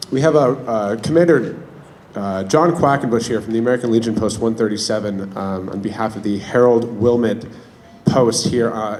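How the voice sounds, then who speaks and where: A man's voice: fairly low pitch, slight background noise. A man organizing an outdoor ceremony, introducing the speakers in a loose way full of fillers.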